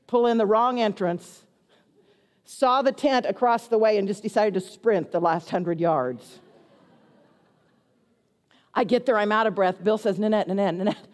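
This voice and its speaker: A middle-aged woman pastor tells a story from the pulpit, animated and poking fun at herself. Her pitch sits in the middle, and her voice carries a long reverb from the church around her. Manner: animated, self-mocking storyteller. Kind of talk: storytelling sermon. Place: church sanctuary.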